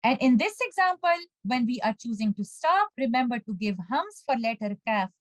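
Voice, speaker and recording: A woman's voice: on the high side, very animated, normal speed, no echo, rough recording. A woman teaching Quran recitation rules in a patient, methodical lesson, breaking words down syllable by syllable. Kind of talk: step-by-step tajweed lesson with recited examples.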